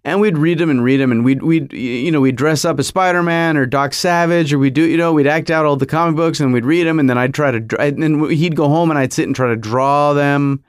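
A middle-aged American man hosts a podcast, telling a rambling, nostalgic story that keeps stopping and restarting as he searches his memory aloud. His fairly high voice is smooth and fairly quick with few pauses, recorded in clean studio sound with no echo.

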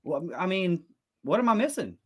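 Man, sports podcast co-host, earnest, argumentative, fast bursts, fairly high voice. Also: big pitch swings, a bit bright, husky. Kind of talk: casual sports talk.

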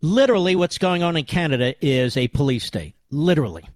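A man's voice: a little high, lively intonation, brisk, no room sound. A man hosting a political talk radio show, delivering a combative, indignant monologue with emphatic repetition.

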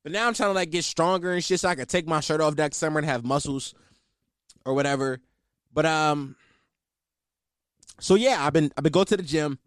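A man's voice: fairly high pitch, brisk, pauses often, no echo, studio quality. A man hosting a podcast, ranting in a brash, profane, boastful way. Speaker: podcast host. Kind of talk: casual comedic rant.

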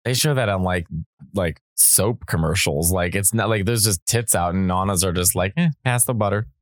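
A man's voice: low-pitched, normal speed, no room sound, studio quality. A man guesting on a comedy podcast, chatting casually and playfully. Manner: playful, drops into mock French and Italian voices.

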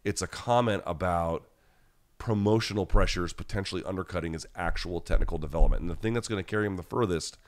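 A man's voice: low voice, fast. A man hosting a podcast live chat, answering viewers in a blunt, rambling, casual way with many restarts.

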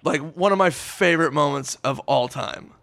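Gravelly man telling a wild story. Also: fairly high pitch, normal speed, dry recording. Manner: animated, swearing, acts out quotes. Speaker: podcast guest. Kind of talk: casual storytelling chat.

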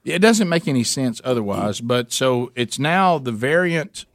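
Man, radio co-host, casual chat, rambling, dry close sound, mid pitch. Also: unhurried, no room sound. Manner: rambling, animated when joking.

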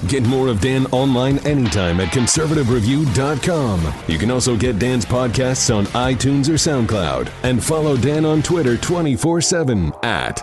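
A male announcer reads the show's closing lines in a lively, sing-song delivery. Loud music plays underneath his voice. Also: mid-range voice, normal speed, few pauses. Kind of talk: scripted show outro.

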